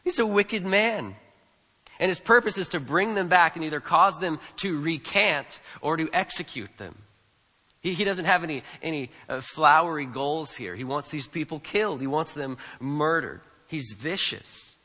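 A man's voice: on the high side, moderate pace, bright, forceful tone, long reverb tail. A man preaching a sermon, emphatic and repetitive, often asking the congregation questions. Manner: emphatic, repeats phrases, asks the congregation questions. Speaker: pastor.

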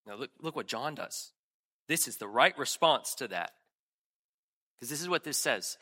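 A man preaching a sermon, dramatic, swinging between loud emphatic lines and hushed ones. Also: mid-range voice, animated, moderate pace, long pauses. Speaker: pastor.

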